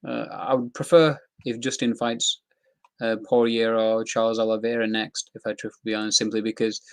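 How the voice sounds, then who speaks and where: A man's voice: mid-range voice, gravelly, no room sound. A young man giving casual, rambling commentary on fight news, talking loosely with slang and fillers.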